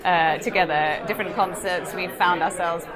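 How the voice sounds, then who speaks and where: A woman's voice: on the low side, steady tone, normal speed, over loud music, over a noisy crowd. A young British woman, a musical theatre actress, chatting in an interview in a bubbly way and laughing often. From England. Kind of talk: casual interview chat.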